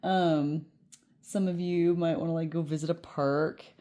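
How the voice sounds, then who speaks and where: A woman's voice: deep voice, steady tone, measured pace, warm tone. A woman giving a casual pick-a-card tarot reading, rambling and chatty with many fillers and frequent laughter.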